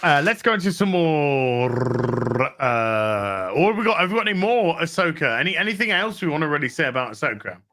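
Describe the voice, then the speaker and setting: A man hosting a casual podcast, mocking and quick to laugh. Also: on the high side. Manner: lively, mocking, laughs often. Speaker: podcast host. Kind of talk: casual chat.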